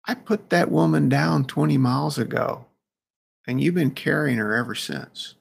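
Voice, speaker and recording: A man voicing a calm old monk who answers mildly and matter-of-factly. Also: medium pitch, moderate pace, creaky, breathy edge. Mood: serene. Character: calm old male monk, serene and wise.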